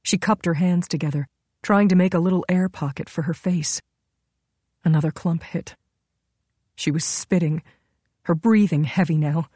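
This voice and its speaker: A woman narrating a story in a measured, dramatic way on a close mic. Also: on the low side, dark tone, slightly rough, dry recording. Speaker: audiobook narrator. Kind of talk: scripted narration.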